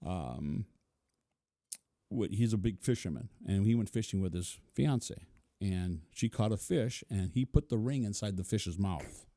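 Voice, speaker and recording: Man with a low, mellow voice telling stories. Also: a little slow, gravelly, no echo. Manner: chuckling, vivid, acts out quotes. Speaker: interview guest. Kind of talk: personal storytelling.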